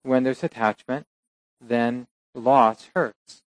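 A man giving a relaxed dharma talk, telling a teaching story with soft asides and small laughs. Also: mid-range voice, slow pace, clean tone, no room sound, low-quality recording.

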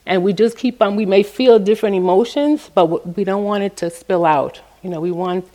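A middle-aged woman giving a meditation talk, telling stories from her work in a gentle, storytelling way. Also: mid-range voice, a little fast. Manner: gentle, storytelling, acts out quoted voices. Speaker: meditation teacher. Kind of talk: dharma talk with personal stories.

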